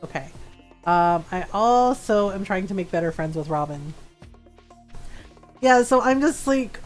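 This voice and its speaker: A woman's voice: medium pitch, expressive, measured pace, pauses often, faint music behind. A woman game streamer chatting casually and playfully while she plays. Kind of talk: casual chat while playing.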